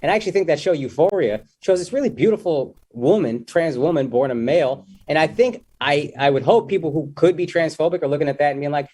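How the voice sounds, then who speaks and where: A man's voice: a little high, quick pace, few pauses, a little mellow, breathy edge. Joking young man, loose casual talk. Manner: loose and joking, says "dude" and "like" a lot. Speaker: comedian guest. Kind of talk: casual interview chat.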